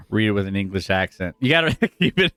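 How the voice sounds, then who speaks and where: A man's voice: medium pitch, fairly bright tone, no echo. A man co-hosting a casual sports chat show, who laughs often and talks in a loose, chatty way. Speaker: co-host.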